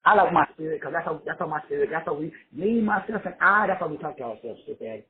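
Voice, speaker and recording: A man's voice: on the high side, fast talker. A man giving a rambling, profane motivational talk with a street-preacher cadence. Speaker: motivational speaker. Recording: tinny phone-like audio with faint background noise.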